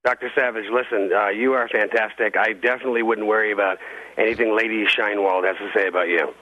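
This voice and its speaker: A male caller phones into a radio show and eagerly backs the host. He talks fast in a low, bright voice. The phone line sounds dull and muffled. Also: fairly even intonation. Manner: eager and supportive. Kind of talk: phone-in call.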